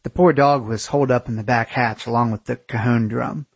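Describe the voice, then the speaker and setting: Young guy reading his own travel book, swears a lot, jokey and sarcastic, bit husky, super dry sound. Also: medium pitch, fairly even intonation, brisk, no echo. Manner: sardonic, profane, self-mocking. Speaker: author narrating his own travel memoir. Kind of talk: audiobook narration of a memoir.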